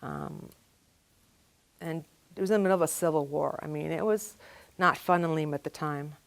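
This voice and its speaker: A woman's voice: deep voice, normal speed, creaky. An older woman, a retired pilot, recounting her career in an oral history interview, chatty and full of ums, acting out the people she quotes. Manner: chatty storyteller, acts out quoted dialogue, many ums.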